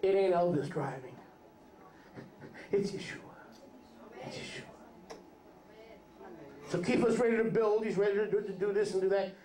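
A man's voice: high-pitched, moderate pace, long pauses, mellow. Man, rabbi giving a chatty, joking sermon to a congregation; echoey room. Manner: joking, conversational, asks the audience questions. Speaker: rabbi, teacher. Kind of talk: sermon teaching. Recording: roomy hall.

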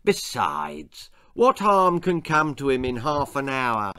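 A man's voice: mid-range voice, huge pitch swings, slow, noisy background. A man voicing a scheming, self-assured father in a children's story reading, confident and coaxing.

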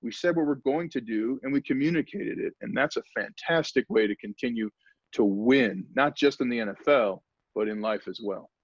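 A former pro football player speaking energetically and emphatically in a motivational talk over a video call. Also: male voice, mid-range voice, normal speed, no room sound. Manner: energetic, emphatic, acts out quotes. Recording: dull lo-fi video call audio.

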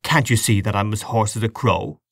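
A man voicing a hoarse, gruff male singer in a storybook reading. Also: lowish voice, moderate pace, no echo, clean studio sound.

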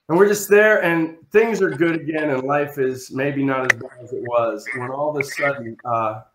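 A man telling a rambling, self-mocking comic story over a video call, acting out other people with big shouts. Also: mid-range voice, roomy sound, noisy background. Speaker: storyteller on a comedy show.

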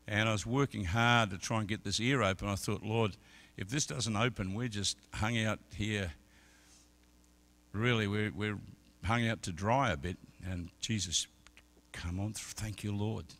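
At a church service, a middle-aged evangelist preaches a sermon in a lowish voice at a moderate pace. He tells stories and swings between quiet talk and loud, shouted peaks.

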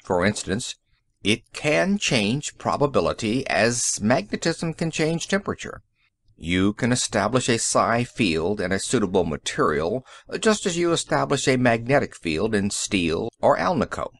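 A man's voice: medium pitch, very animated, measured pace, no room sound. A man voicing a cheerful, matter-of-fact inventor. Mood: explaining. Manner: matter-of-fact, explaining patiently. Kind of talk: audiobook character reading.

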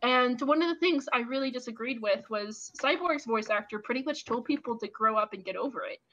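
Woman in her twenties, slightly high voice, animated casual commentary, ums and restarts, dull lo-fi audio. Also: fairly quick. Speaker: YouTube commentator.

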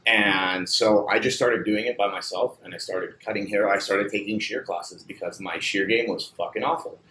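A low-pitched man talks shop as a barbershop owner, animated, cursing casually and packing his sentences with "like." The room around him is echoey, with a faint hum underneath. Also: normal speed. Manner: animated, swears freely, fills with "like". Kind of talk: casual chat. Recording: roomy echo, faint background hum.

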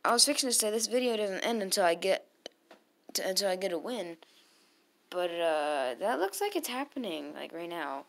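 A woman casually commentating her own game battles, muttering to herself and bursting into loud cheers. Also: medium pitch, very animated, moderate pace.

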